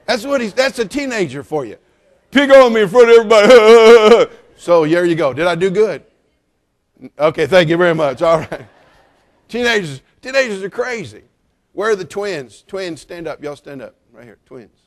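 A middle-aged man preaching at a church service, teasing the congregation with jokes and rising to loud exclamations. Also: high-pitched, lively intonation, normal speed. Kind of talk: sermon with humorous asides.

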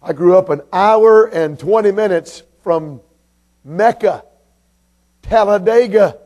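A man's voice: high voice, takes it slowly. A man from Georgia, a guest preacher telling folksy stories from the pulpit. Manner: folksy storyteller, warm asides to the congregation. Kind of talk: sermon with humorous story.

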